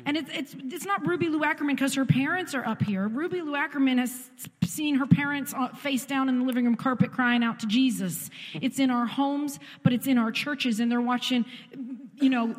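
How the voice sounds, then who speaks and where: Church lady prophesying, fervent, a bit high, echoey hall. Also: a little fast. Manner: fervent, repeating phrases for emphasis. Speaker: church member giving a prophetic word. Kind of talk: spontaneous prophetic exhortation. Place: church sanctuary. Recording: long church hall reverb.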